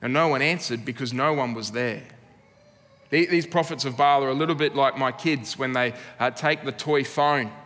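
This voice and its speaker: A man's voice: mid-range voice, moderate pace, fairly bright tone. An Australian man preaching a sermon as pastor, earnest and laced with dry humour. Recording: long reverb of a church hall.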